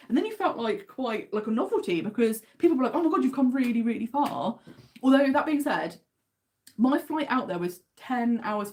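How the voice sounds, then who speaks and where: A woman's voice: on the high side, darkish tone. Chatty English woman hosting a livestream. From England. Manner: chatty, enthusiastic, reads out viewer comments. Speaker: livestream host. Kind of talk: casual livestream chat.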